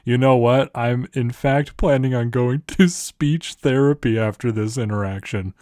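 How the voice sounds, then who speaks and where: A man's voice: medium pitch, measured pace, darkish tone, no echo, clean studio sound, close to an everyday voice. A man voicing a pompous, formal elderly British statesman who talks down to people. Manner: formal and condescending.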